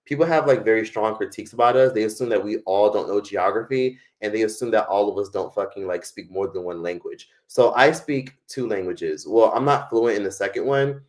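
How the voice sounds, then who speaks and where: A man's voice: fairly low pitch, brisk, few pauses. A young American man hosting a live stream, talking casually in a rambling, profane way with lots of fillers. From United States.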